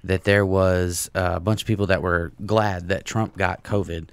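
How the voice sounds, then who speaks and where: Low-voiced man ranting on a podcast. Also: fairly even intonation, moderate pace, clear, resonant tone, no room sound. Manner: profane, ranting storyteller. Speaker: podcast co-host. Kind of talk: casual comedy podcast chat. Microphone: podcast mic.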